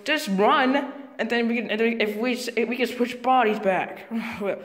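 A woman voicing characters in an improvised toy skit, excitable and stammering with frequent repeats. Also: fairly high pitch, unhurried. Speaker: fan video puppeteer voicing characters. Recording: music playing behind. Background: music.

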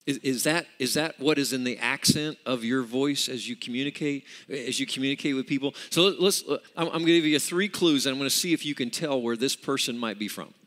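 A man's voice: mid-range voice, a little fast, hardly any pauses, a bit bright. Man preaching in a reverberant sanctuary. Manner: emphatic, repeats words, calls for congregation responses. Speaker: pastor. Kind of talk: sermon. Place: church sanctuary. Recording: long reverb of a large hall.

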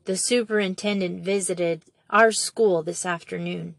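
A woman's voice: on the low side, fairly even intonation, unhurried, gravelly, dry recording. A woman reading a storybook and voicing an anxious, tearful nine-year-old girl in a plaintive, upset way. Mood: worried.

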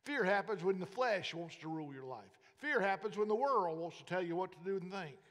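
A man's voice: high-pitched, animated, a little fast, fairly bright tone, in a large hall. A man preaching a sermon as pastor, telling stories and reading scripture aloud. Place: church sanctuary.

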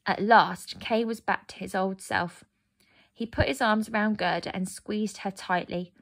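A woman narrating a fairy tale aloud, gentle and expressive. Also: medium pitch, a little slow. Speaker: storyteller. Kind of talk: storybook narration.

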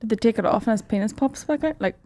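A woman's voice: on the high side, quick pace, warm tone, dry recording. A woman, a podcast guest, chatting and sounding squeamish and exasperated. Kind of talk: casual comedic chat.

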